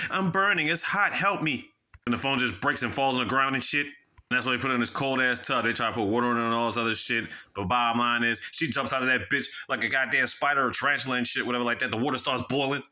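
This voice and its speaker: A man's voice: medium pitch, bright, forceful tone. A man casually retelling a horror movie plot, profane and rambling, acting out the characters' reactions. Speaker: movie reviewer. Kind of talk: casual spoiler recap.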